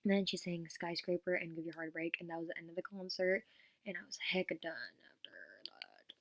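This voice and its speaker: A woman's voice: on the low side, little pitch movement, fairly quick, a little hiss or hum. A teenage girl vlogging about a concert in a gushing, rambling way, full of "like" fillers, sometimes dropping to a whisper. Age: teens. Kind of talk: casual vlog chat.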